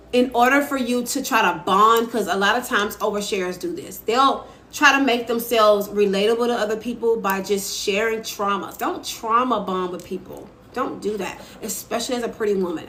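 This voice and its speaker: Speaking in a medium-pitched, bright voice with a forceful tone, a young author hosting a live stream chats casually and responds to viewer comments along the way. She's recorded on a phone in an echoey room with faint ambient noise.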